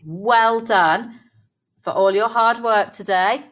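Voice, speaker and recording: Slow, patient English teacher woman. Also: mid-range voice, a bit bright. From England. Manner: slow, sound-by-sound, encouraging. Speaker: primary school teacher. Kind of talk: recorded phonics lesson for young children.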